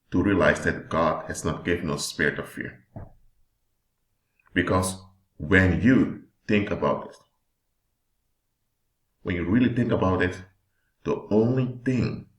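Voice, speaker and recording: A man delivers a sermon-style teaching with slow, deliberate emphasis, stretching out key words. His voice sits very low. The recording sounds roomy and echoey. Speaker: preacher.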